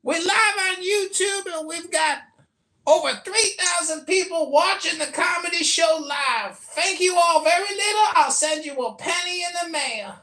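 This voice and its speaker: A woman with a high, bright, sharp voice hosts a live comedy stream with sarcastic, deadpan announcements. Her audio has a roomy echo. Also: a little slow. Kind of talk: mock sponsor announcements, deadpan.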